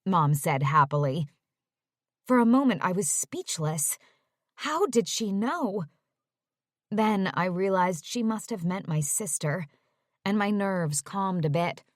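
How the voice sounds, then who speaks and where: A woman's voice: on the low side, animated, slow pace, no echo, studio quality. Woman reading a romance audiobook. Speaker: audiobook narrator. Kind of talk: first-person romance audiobook narration.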